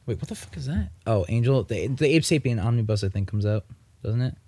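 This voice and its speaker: A young man co-hosting a casual comic-book podcast, animated and swearing freely as he retells scenes in put-on voices. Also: a little fast, no room sound. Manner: animated, swears freely, acts out quoted lines in higher voices. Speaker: podcast co-host. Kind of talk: casual chat.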